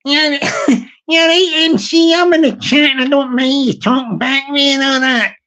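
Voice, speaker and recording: A woman's voice: sits high, normal speed, fairly bright tone. A woman putting on a cheeky, tough Glaswegian woman with a Glaswegian accent, teasing and mock-threatening. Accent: put-on Glaswegian Scottish. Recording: dull lo-fi stream audio.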